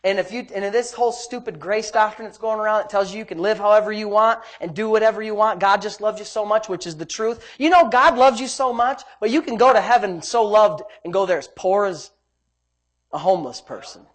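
A man's voice: high voice, brisk. A man preaching a sermon as pastor, fervent and exclaiming praise between verses.

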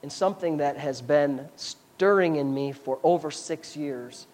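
A man's voice: on the high side, a little slow, darkish tone. A man preaching a sermon, reading scripture and explaining it with chatty, fervent asides. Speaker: pastor.

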